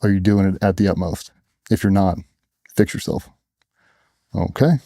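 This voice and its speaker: A man's voice: low-pitched, brisk, gravelly, warm tone, no room sound, clean studio sound. A middle-aged man, a former special operations sailor, telling blunt and profane stories in a casual interview. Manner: blunt, profane storytelling with acted-out quotes.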